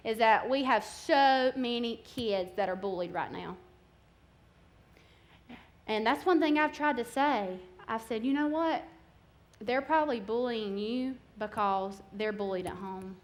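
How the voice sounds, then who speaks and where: A young woman preaching, her voice sitting a little high. She speaks candidly and conversationally, building passion as she urges her listeners. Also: measured pace. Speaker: guest speaker. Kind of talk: sermon.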